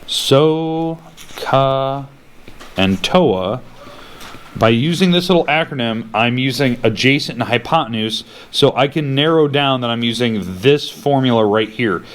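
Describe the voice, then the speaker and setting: A man's voice: mid-range voice, a little slow, clear, resonant tone. A young male teacher giving a casual math lesson in a classroom, thinking aloud as he works through problems.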